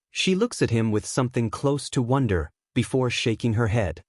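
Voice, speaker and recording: A man narrating a fan-written story in a steady, even storytelling manner. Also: medium pitch, normal speed, hardly any pauses, dry recording, clean studio sound. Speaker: fanfic narrator.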